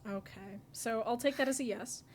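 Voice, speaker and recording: A woman's voice: fairly high pitch, normal speed, a little hiss or hum. Sarcastic woman podcast co-host. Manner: sarcastic, many "like" fillers. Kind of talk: casual chat.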